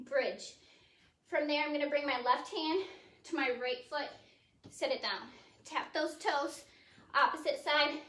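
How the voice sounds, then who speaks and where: A woman instructor leading a home pilates class, counting reps and giving steady, encouraging cues, recorded on a phone. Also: sits high, reverberant, distant mic. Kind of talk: cueing a home workout class. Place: warehouse studio.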